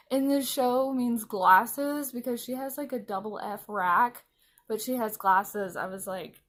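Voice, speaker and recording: Woman vlogger with a slightly higher voice, rambling and giggly over a makeup routine. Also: slow, fairly bright tone. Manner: chatty, rambling, laughs often. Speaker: anime vlogger. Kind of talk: casual chat while doing makeup. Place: at home, applying makeup.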